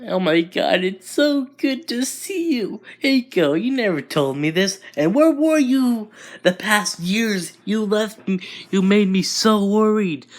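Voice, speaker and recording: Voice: medium pitch, lively intonation, voice pushed up. A narrator voicing an overexcited alien woman who gushes over a long-lost friend. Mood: gushing. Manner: gushing, clingy, fast emotional outbursts.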